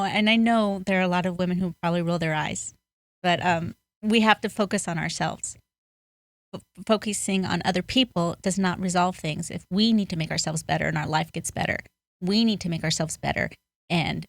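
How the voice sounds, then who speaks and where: Earnest low-voiced woman life coach. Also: fairly even intonation, moderate pace, no echo. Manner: earnest, storytelling. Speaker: life coach, podcast guest. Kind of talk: conversational interview.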